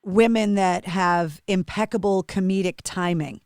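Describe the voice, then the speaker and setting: A woman's voice: mid-range voice, steady tone, unhurried, a little mellow, smooth, no room sound, clean studio sound. A woman hosting a podcast interview, chiming in with enthusiastic, gushing remarks. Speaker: podcast host. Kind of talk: casual interview chat.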